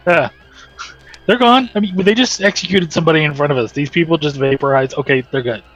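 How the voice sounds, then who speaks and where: A man's voice: fairly high pitch, brisk, fairly bright tone, muffled recording, soft background music. A man playing a tabletop game who chats in a blunt, profane way. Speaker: player. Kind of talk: casual chat at a tabletop game.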